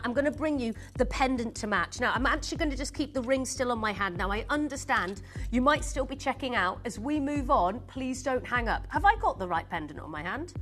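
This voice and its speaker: A woman presenting jewelry on a live shopping channel, chatty and gushing as she greets viewers by name. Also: on the high side. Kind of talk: live jewelry sales pitch. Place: television studio.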